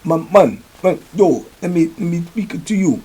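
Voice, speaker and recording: A rough, pushy prisoner with a thick African accent, as a man puts him on, pitched up high above the storyteller's own voice. He presses insistently and repeats his questions. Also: lively intonation, unhurried, warm tone.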